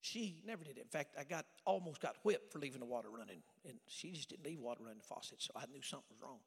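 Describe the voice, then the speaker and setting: A man's voice: medium pitch, animated, fast, creaky, breathy edge. A male evangelist from Oklahoma preaching a sermon, telling stories dramatically and dropping to whispers for emphasis. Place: church sanctuary. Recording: long church hall reverb.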